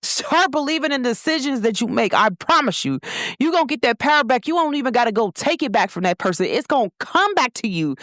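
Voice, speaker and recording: A woman hosting her own show, talking in an expressive, animated motivational monologue. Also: high-pitched, dry recording, studio quality. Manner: expressive, animated storytelling with laughs and quoted voices. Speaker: show host.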